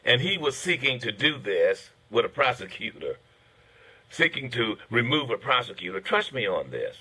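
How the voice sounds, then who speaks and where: A man's voice: mid-range voice, sing-song, moderate pace, bright, forceful tone, husky. A man hosting a radio talk show who gives indignant political commentary and calls his listeners folks.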